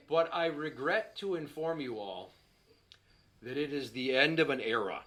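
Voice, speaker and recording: A man in his thirties performs stand-up, his voice bright and a touch high for a man. He tells exasperated, profane stories about his young son, slipping into the boy's voice. He speaks into a handheld mic before a small live crowd. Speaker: stand-up comedian. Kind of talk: stand-up comedy set. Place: small comedy stage before a live audience. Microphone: handheld microphone.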